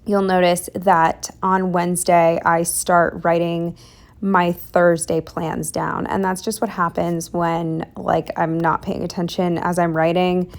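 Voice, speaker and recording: Speaking slowly in a lowish, level voice, a young woman narrates a casual voiceover for her planning video. The planner vlogger comes across as worn out and exasperated, rambling and sometimes dropping to a whisper.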